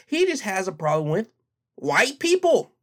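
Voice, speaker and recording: A man's voice: high voice, very animated, measured pace, a bit bright. Young male vlogger, opinion commentary, emphatic, repeats for stress.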